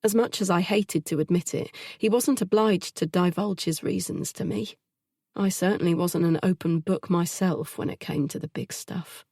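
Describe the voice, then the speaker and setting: Brief: woman, first-person audiobook narrator, dark mellow tone, measured intimate delivery. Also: on the low side, gravelly, slightly rough, dry recording, studio quality.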